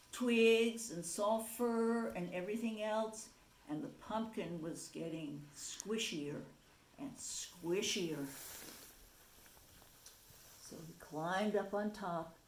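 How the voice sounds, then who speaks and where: A woman teacher reading a picture book aloud to children in a soft, gentle way. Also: medium pitch, slight background noise. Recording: roomy echo, faint ambience.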